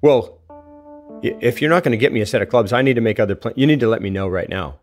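A man's voice: lively intonation, fast, soft background music, close to an everyday voice. A man putting on the voice of a flustered older man who refuses to sign anything, stammering in panic. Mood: fretful. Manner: stammering, panicky, high-pitched.

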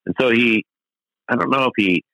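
A man's voice: medium pitch, moderate pace, pushed and bright, dry recording, low-quality recording. A middle-aged man telling stories about his band in an interview, rambling with many restarts and fillers, candid and a bit profane. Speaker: interview guest, musician. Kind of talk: casual storytelling interview.

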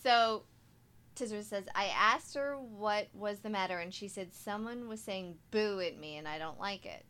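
A woman co-hosts a chatty podcast, her voice bright and forceful. She reads listener stories aloud, stops to toss in asides, and laughs often. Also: mid-range voice, moderate pace, clean tone. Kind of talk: casual chat.

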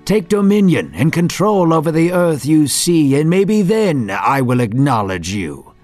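A man voicing God as a vast, stern male deity who asks thundering questions in a slow, forceful way. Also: a little high, animated, husky, dry recording, faint music behind, pitched above the performer's own voice. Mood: booming, stern.

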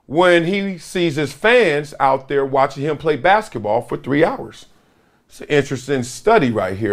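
A middle-aged man hosting a sports talk show, telling stories with energy and acting out the people he quotes. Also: fairly high pitch. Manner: animated storytelling, acts out quotes and sounds. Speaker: podcast host. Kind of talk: solo sports commentary.

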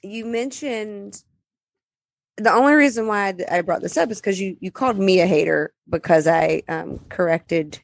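A woman's voice: medium pitch, moderate pace, creaky, no room sound. A woman co-hosting a casual podcast chat, blunt, laughing often and swearing freely. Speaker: podcast co-host.

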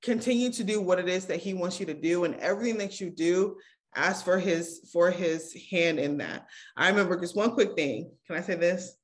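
A woman's voice: on the low side, normal speed. Earnest preacherly young woman guest. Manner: earnest, preacherly, repeats key phrases. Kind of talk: encouraging faith-based talk.

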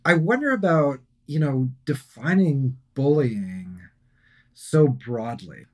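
A man's voice: medium pitch, lively intonation, slow pace, a little mellow. A man hosting a podcast in casual conversation, thoughtful and questioning.

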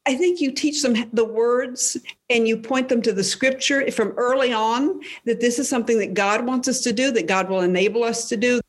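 A woman's voice: fairly high pitch, moderate pace. An older woman speaks in a faith-based interview as a guest author. She tells stories from her own life openly and reflectively. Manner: candid, reflective, storytelling.

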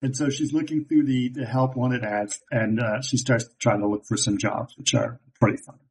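A man with a middle-pitched voice walks through a story in a loose, easygoing way. He often stops to search for words and fills the gaps with "uh". His delivery stays relaxed and conversational. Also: normal speed, husky, low-quality recording. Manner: hesitant, many fillers. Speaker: podcast co-host. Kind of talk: casual chat.

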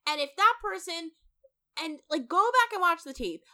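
A woman's voice: very high-pitched, animated, normal speed, sharp tone. A woman co-hosting a podcast, chatting casually and emphatically about a reality show, swearing freely. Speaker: podcast co-host.

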